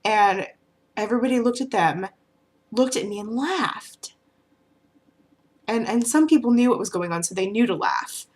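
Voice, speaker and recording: Woman, vlogger, casual storytelling, rambling, lots of ums and restarts, mid-pitched voice. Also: lively intonation, moderate pace, pauses often, a little mellow. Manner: chatty, rambling with fillers and restarts.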